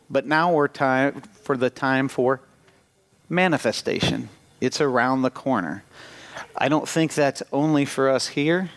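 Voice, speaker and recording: A man in his thirties preaching a sermon, telling a lively personal story and acting out the dialogue as he goes. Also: mid-range voice. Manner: animated storytelling with acted-out dialogue. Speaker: pastor.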